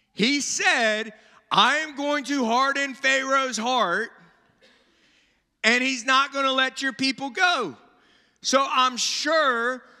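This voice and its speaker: A man preaching a sermon in a church, animated, with rising emphasis and paraphrased voices of biblical people. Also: very high voice. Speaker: pastor. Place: church sanctuary. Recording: church hall reverb.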